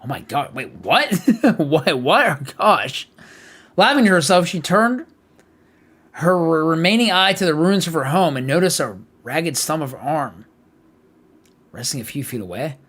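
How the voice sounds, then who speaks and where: A man streaming a live game playthrough, reading the text aloud with animated asides. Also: a little high, a little slow, slightly rough.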